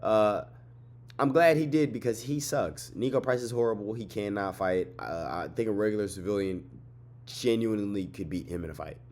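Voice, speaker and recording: Tired, excitable man swearing through a recap. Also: on the low side, moderate pace. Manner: excitable, swearing, repeats phrases, trash-talks. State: tired, yawning late at night. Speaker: MMA fight recap host. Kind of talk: casual fight breakdown vlog.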